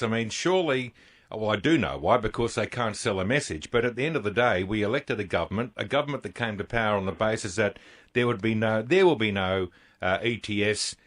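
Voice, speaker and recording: A man's voice: lowish voice, fairly bright tone, no echo. A man with an Australian accent hosting talk radio, delivering blunt, indignant opinion commentary into a studio microphone.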